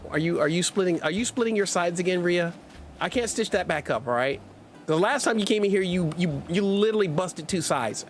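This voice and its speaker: Hyper, high-voiced streamer dad. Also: male voice, slight background noise. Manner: energetic, hyper and jokey; rambling with frequent restarts. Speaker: gaming livestream host. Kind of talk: casual livestream chat.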